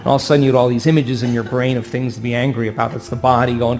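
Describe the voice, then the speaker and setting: A man giving an animated motivational talk to an audience, acting out voices and asking for agreement. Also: mid-range voice, a little fast, music in the background. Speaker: speaker.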